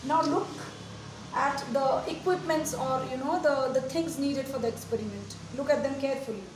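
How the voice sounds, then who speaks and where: A woman teacher giving a slow, deliberate lesson to young pupils, asking them many questions. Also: sits high. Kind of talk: recorded classroom lesson. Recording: echoey room, distant mic, faint hiss.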